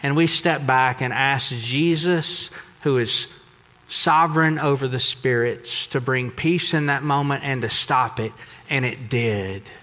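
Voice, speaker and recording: A man from Texas preaching a sermon to a congregation, telling a story with emphatic turns and sudden soft drops. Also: mid-range voice, measured pace. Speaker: pastor. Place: large church hall. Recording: echoey hall.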